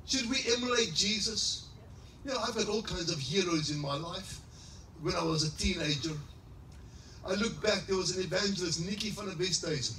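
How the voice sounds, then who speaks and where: A middle-aged man preaching a sermon as pastor, fiery at times and rising into shouted, sing-song exclamations. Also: sits high, normal speed, a little hiss or hum. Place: church service in a large greenhouse hall. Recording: echoey hall, mic at a distance.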